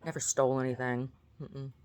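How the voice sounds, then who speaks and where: Her voice rumbles low and stays level, fairly quick and somewhat dark, over slight background noise. This middle-aged vlogger tells meandering, self-mocking stories straight to camera in a casual monologue, laughing as she goes and frequently repeating herself or restarting.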